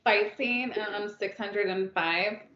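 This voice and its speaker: A woman's voice: mid-range voice, slow, slight background noise. A woman chatting casually about books as a podcast co-host, telling stories and laughing often. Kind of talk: casual book chat. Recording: roomy, dull lo-fi sound.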